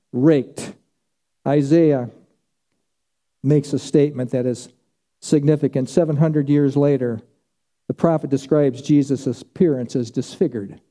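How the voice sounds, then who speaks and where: Dark-voiced man preaching with drama. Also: medium pitch. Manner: dramatic, emphatic preaching with vivid pauses. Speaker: pastor. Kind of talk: sermon.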